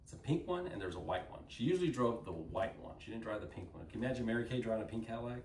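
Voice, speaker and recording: Lively man telling stories in a roomy hall. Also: lowish voice, rapid-fire. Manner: animated, laughs often, acts out quoted voices. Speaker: group presenter. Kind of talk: casual storytelling talk to a group. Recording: roomy sound from a distant mic, faint noise.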